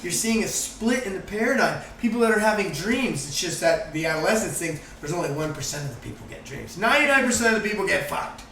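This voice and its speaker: A man talking in a casual group conversation, animated and swearing freely as he acts out quotes. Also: high voice, quick pace, gravelly, few pauses, echoey room, recorded from a distance, a little hiss or hum, rough recording. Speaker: guest, course founder.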